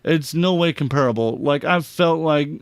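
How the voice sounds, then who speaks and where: A man hosting a podcast, reacting to clips in an excitable, heavily profane rant. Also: fairly high pitch, normal speed, clear, resonant tone, no room sound. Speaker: podcast host. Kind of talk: casual commentary on clips.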